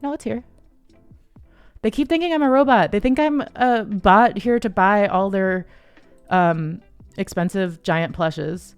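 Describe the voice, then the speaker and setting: A woman's voice: measured pace, clean tone, no echo. Chatty woman streamer, dry close mic. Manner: chatty, giggly, bursts into high excited squeals. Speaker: livestream host. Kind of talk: casual livestream chat. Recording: dry close sound, faint music behind.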